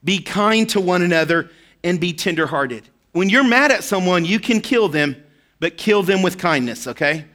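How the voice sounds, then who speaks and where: A man's voice: sits high, lively intonation, moderate pace, a bit bright. A man, likely in his thirties, preaching a sermon in a conversational, storytelling way, often checking in with "right?". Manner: conversational, personal storytelling with frequent "right?" asides. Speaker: pastor.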